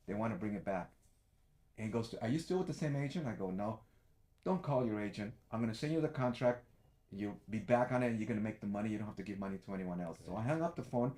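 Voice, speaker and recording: A middle-aged man, a background actor, telling a lively story in a casual chat and acting out the other people's voices. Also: medium pitch, fast, reverberant. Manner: animated, acts out quoted voices.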